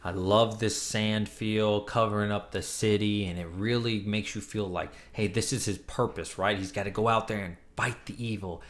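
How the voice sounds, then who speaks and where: A man's voice: lowish voice, steady tone, moderate pace, hardly any pauses. A man casually reviewing a comic book, retelling the plot with enthusiastic, chatty energy.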